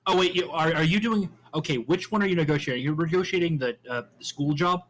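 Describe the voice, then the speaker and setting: A man playing a tabletop game, asking quick, excited questions in casual chat. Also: fairly high pitch. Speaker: player.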